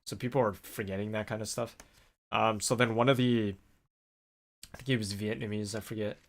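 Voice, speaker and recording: A man vlogging in a casual, rambling storytelling way, animated when he quotes people. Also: on the low side, brisk. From North America. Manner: rambling, animated when quoting others, laughs often.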